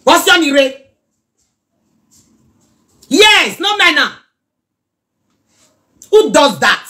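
A middle-aged Nigerian woman chatting casually in a reaction vlog, animated and scolding by turns. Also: high voice, very slow. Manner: animated, mixes pidgin and Yoruba, scolding asides. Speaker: social media commentator.

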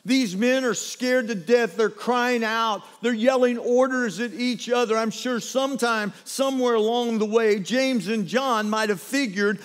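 A man preaching a sermon as pastor, retelling scripture with animated, dramatic storytelling that swings between hushed and loud. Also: very high voice, a little slow, few pauses, in a large hall.

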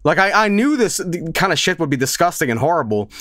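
A young man, a game streamer, telling a rambling story at home on a desk mic, animated and laughing, with swearing and sudden loud outbursts. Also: fairly high pitch, quick pace, no echo, studio quality. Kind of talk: casual storytelling on a live stream. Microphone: desk microphone.

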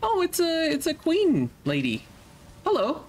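A man's voice: very high voice, huge pitch swings, unhurried, a little hiss or hum. A young man streaming a video game, casually commenting and playfully talking to the enemies on screen. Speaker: let's play streamer.

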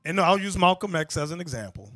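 A man preaching a lively sermon to a class, calling out for scriptures and acting out people's reactions. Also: high-pitched, fast talker, no echo, studio quality. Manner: animated, calls out for scripture, acts out people's reactions.

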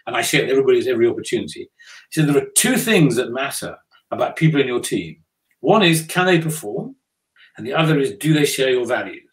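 A man's voice: a little high, poor audio. Older man telling a business anecdote. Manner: anecdotal, dry self-deprecating humor, frequent restarts. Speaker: business leader guest. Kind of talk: conversational interview storytelling.

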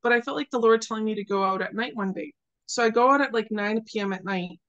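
Lively young woman telling a faith story. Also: on the high side, quick pace, dull audio. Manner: animated, laughs often, acts out quoted people. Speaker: guest sharing a testimony. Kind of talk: casual storytelling.

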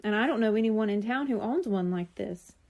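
A woman's voice: medium pitch, a little fast, darkish tone, close to an everyday voice. A woman voicing a friendly, sympathetic woman who runs a pet shop.

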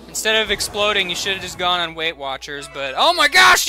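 A man's voice: high-pitched, sing-song, fairly quick, few pauses, sharp tone, soft background music. A man streaming a video game, reading the story text aloud with playful jokes and asides.

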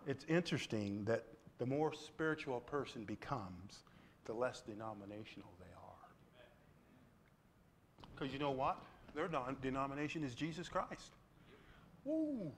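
A man preaching a sermon to his church in an animated way, with sudden loud exclamations and asides to the congregation. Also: mid-range voice, a little hiss or hum. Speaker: pastor. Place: church sanctuary.

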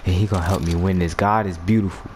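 A young man giving goofy, slang-filled commentary while playing a game, swinging between loud outbursts and low mumbles. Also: fairly even intonation, fast talker, over a noisy crowd. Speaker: gameplay streamer. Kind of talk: comedic gameplay commentary.

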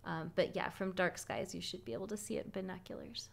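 A woman from California hosting an astronomy livestream outdoors at night, chatty and quick to laugh. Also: fairly low pitch, gravelly. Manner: chatty, laughs often, lively storytelling. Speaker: astronomy club host. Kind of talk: casual livestream stargazing talk.

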